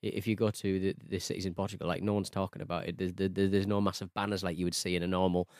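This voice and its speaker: A man with a lowish voice co-hosts a football chat. He talks haltingly, stumbling over restarts, and joking. The sound is dry and close. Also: level tone, a little mellow, no echo. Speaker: podcast co-host. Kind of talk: casual chat.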